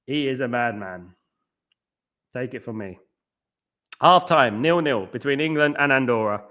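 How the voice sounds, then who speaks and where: A man with a bright, forward voice hosts a live football watchalong from his home in the small hours. He rambles between the match and the viewers' comments, reading them out and answering each one. He is blunt and scornful about the football. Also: medium pitch. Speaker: watchalong host.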